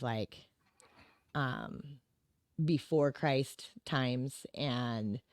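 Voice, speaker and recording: A woman with a notably low, deep voice talks as a podcast guest. Her speech rambles, full of "like" and "right?" and easy laughter. The sound is dry and close, with no room echo. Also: darkish tone. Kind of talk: casual chat.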